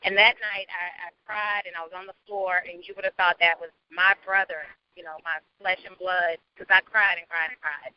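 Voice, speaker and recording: Earnest halting woman on a lo-fi call. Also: on the low side, steady tone, clean tone. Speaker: guest asking questions. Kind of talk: personal testimony. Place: in a moving car. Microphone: phone or call audio while driving.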